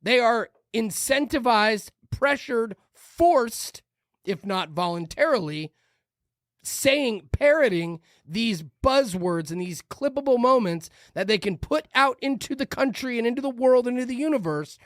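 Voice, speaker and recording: A woman's voice: fairly high pitch, animated, measured pace, no echo, clean studio sound. A woman hosting a podcast, reacting to a video in a heated, profane rant. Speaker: podcast host. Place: podcast room.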